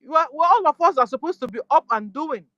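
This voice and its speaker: Forceful woman hosting a live audio room. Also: high voice, expressive, fast talker, no room sound, lo-fi sound. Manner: forceful, repeats "you understand?". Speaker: host of an online audio space. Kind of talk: casual live audio chat.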